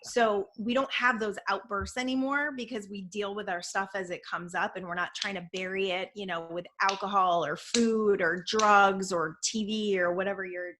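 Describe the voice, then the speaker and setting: A middle-aged woman co-hosting a casual talk show, telling stories in an animated, emphatic way. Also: medium pitch, moderate pace, few pauses, a little hiss or hum. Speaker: podcast co-host. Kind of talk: casual chat.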